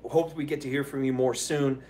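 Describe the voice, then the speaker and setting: A man's voice: medium pitch, fairly even intonation, a little fast, darkish tone, a little hiss or hum. A man hosting a live stream, chatting casually and telling stories in a rambling, profane way, laughing often. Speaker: live streamer answering chat.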